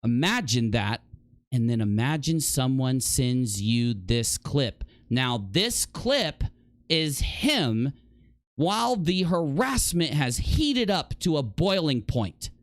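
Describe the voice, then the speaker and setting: A man's voice: mid-range voice, sing-song, slow, no room sound, clean studio sound. Direct: an emphatic, accusatory male commentator. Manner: emphatic, accusatory, repeats for effect. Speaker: commentary vlogger. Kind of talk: indignant commentary.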